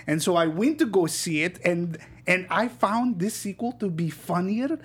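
A woman hosting a casual panel film review, chatty and halting with restarts. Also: on the low side, lively intonation, breathy edge. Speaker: host.

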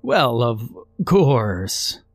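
A man voicing a creepy grinning male car salesman who speaks in a calm, clipped, eerie way. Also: mid-range voice, very slow, no room sound, heavily acted.

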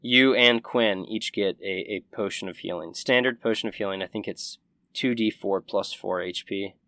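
A man's voice: on the low side, moderate pace, sharp tone, dry recording, studio quality. A man narrating a tabletop game as game master, casual and hesitant, with many fillers.

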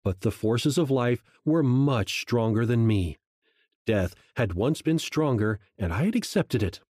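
Guy reading an audiobook, hushed and measured, pitch rises and falls a lot, dry close sound. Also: dry recording. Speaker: audiobook narrator. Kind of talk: first-person scripted narration.

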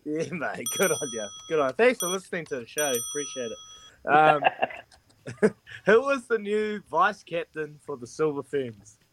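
A man's voice: a little high, expressive, moderate pace, fairly bright tone, a little hiss or hum. A man hosting a breakfast radio quiz, cheery and matey as he counts down the answers.

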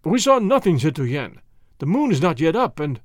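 A man's voice: fairly high pitch, very animated, moderate pace, no room sound, clean studio sound. A man voicing a deferential male secretary who stammers and reports eagerly to his superior. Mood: nervous.

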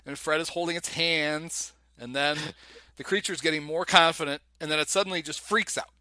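A man casually retelling a comedy film scene and acting out its lines in an animated way. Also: a little high, fairly quick.

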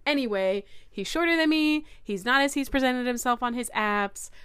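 A young woman co-hosts a casual chat, telling a dating story full of laughter and acting out the voices she quotes, all in an animated way. Her high voice is smooth and moves at a normal speed. It's a studio-quality recording with no room sound.

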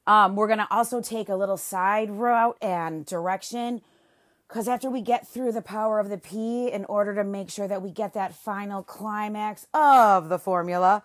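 A woman's voice: medium pitch, dry recording, clean studio sound. Forties woman podcast host, sarcastic and upbeat, motivational monologue. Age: 40s. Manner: playful, sarcastic, encouraging.

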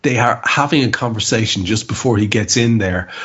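Podcast co-host, male, low husky voice, animated and stammering, on dull lo-fi audio. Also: brisk. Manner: animated, restarts often with stammered repeats. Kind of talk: casual film review chat.

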